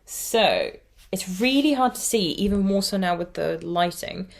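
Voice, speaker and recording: A woman's voice: medium pitch, expressive, a little slow, vocal fry. A woman with an Irish accent hosting a knitting podcast, chatting casually in a rambling way and laughing at herself. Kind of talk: casual chat.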